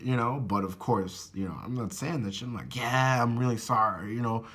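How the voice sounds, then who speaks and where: A man telling a story in a casual vlog, swearing often and talking in an animated way. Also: mid-range voice, normal speed, few pauses. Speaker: vlogger.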